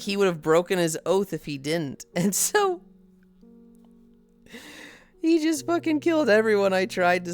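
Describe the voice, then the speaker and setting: A woman streamer chatting casually with viewers, swearing freely and laughing often. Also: medium pitch.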